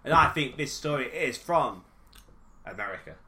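Man, podcast co-host, bright tense tone, dry quips, casual chat. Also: mid-range voice, animated, normal speed.

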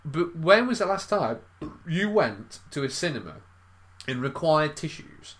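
A man's voice: a little high, big pitch swings, a little slow, a bit bright. A young man co-hosting a podcast, rambling through crude comedic banter and laughing often. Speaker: podcast co-host.

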